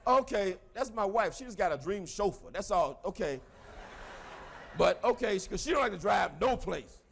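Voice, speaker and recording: A middle-aged man with a Southern US accent giving an animated motivational seminar talk to a live audience, repeating his key points in a preachy way. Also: high voice, moderate pace, vocal fry, slight background noise. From American South. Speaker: motivational speaker.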